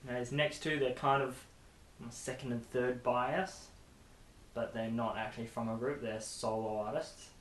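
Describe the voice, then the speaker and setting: A man's voice: medium pitch, steady tone, normal speed. A young man vlogging casually from his bedroom, chatty and rambling with self-deprecating asides. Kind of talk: casual chat to camera. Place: bedroom with posters. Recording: echoey room with faint hiss.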